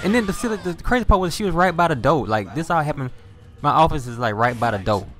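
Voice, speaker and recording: A man's voice: a little high, very animated, fast talker, a bit bright, soft background music. A man from Louisiana with a Southern US accent, telling stories in a laid-back, profane way. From Louisiana, Southern United States. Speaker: gaming video host. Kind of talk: casual storytelling over gameplay.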